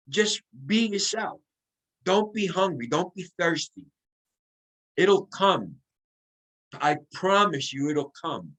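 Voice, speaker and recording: An excitable man coaching a sales team over a video call, his voice sitting a little high. He acts out sample phone calls to show how it's done. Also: takes it slowly, long pauses, rough recording. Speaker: guest sales trainer. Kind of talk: motivational team training talk.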